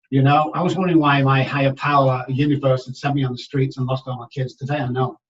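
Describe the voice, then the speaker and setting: A man in his sixties, a recovery expert guest on a podcast, telling his story candidly and emphatically, moving from hushed to loud. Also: mid-range voice. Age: 60s. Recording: dull, distant podcast audio.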